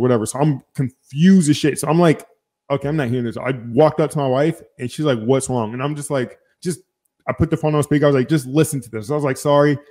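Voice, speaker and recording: A young man with a medium-pitched voice hosts a podcast and recounts a story casually. He's lively and profane, performing both sides of phone calls himself.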